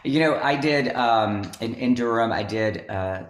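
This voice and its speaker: A man's voice: mid-range voice, unhurried, reverberant. A man who teaches choir, chatting on a video call in a rambling way, with lots of fillers and restarts. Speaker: choral music teacher. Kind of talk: casual video-call conversation.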